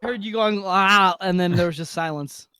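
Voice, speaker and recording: A podcast co-host making points in casual, argumentative chat. They talk in quick bursts at an average pitch. The sound is dry and close, over a voice chat app. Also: clear, resonant tone, no room sound. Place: home, talking over an online voice call. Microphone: computer mic on a voice chat app.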